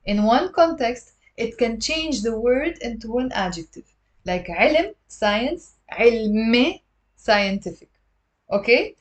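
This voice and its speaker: A woman's voice: on the high side, expressive, measured pace. A woman giving a live-streamed language lesson to a webcam, explaining step by step, drilling pronunciation and answering viewer questions. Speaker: online Arabic teacher.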